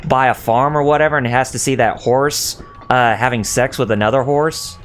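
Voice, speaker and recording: A man's voice: mid-range voice, steady tone, normal speed, soft background music. Jokey man chatting over gameplay. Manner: jokey, breaks into sung bits and silly voices. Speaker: co-host. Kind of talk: casual gaming commentary chat.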